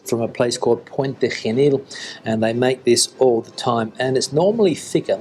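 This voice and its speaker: A man's voice: mid-range voice, moderate pace, slight background noise. Chatty middle-aged man reviewing food. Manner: chatty, relaxed, with frequent fillers. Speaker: food vlogger. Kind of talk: casual restaurant review to camera. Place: restaurant in Spain.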